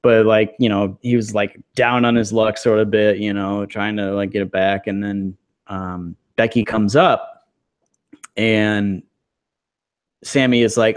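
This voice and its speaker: A man's voice: lowish voice, little pitch movement, a little slow, clear, resonant tone. Rambling casual man, heavy on fillers. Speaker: podcast co-host. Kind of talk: casual chat.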